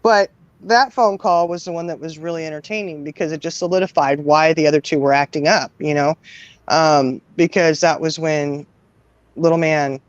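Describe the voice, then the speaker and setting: A woman chatting as a guest in a relaxed interview, rambling along and filling her sentences with "you know". She breaks into laughter often. The sound is dry and a bit muffled, like lo-fi audio. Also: low voice, moderate pace, no echo. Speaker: guest parent of twelve children. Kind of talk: casual conversational interview.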